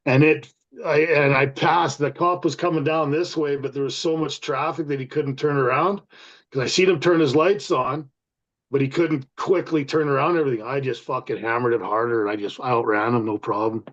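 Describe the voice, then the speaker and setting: A man's voice: medium pitch, fairly even intonation, normal speed, a bit bright. A Canadian man hosting a casual chat, telling profane biker road stories. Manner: profane, storytelling. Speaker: podcast host. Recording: dull lo-fi sound.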